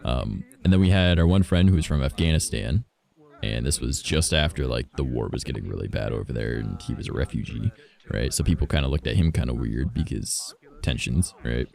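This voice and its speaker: A man's voice: a bass voice, animated, brisk, creaky, darkish tone. A man from Canada, a streamer, rambling through a story in casual chat and swearing freely. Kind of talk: casual chat while gaming.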